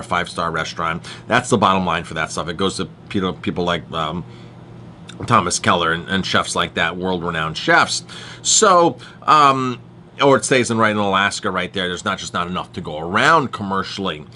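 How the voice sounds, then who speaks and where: A man's voice: low-pitched, pushed and bright, a little hiss or hum. A middle-aged man, a chef, talking straight to the camera with emphatic, repetitive ranting as he warns viewers about food fraud. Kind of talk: direct-to-camera consumer warning.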